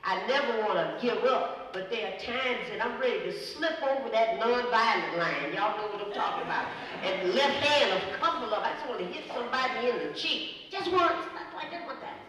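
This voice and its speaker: A woman's voice: on the high side, normal speed, slight background noise. A woman giving a passionate tribute at a memorial, telling stories and acting out what others said. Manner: passionate storytelling, acts out quotes with lively shifts. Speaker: speaker at a memorial. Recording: echoey hall, voice from far off.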